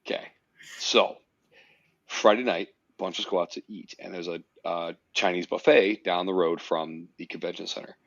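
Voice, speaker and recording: A man hosting a podcast, telling a story in a casual, animated way, swearing freely. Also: deep voice, moderate pace, no echo, highs cut off. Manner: animated storyteller, swears freely, puts on silly voices in quotes. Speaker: podcast host.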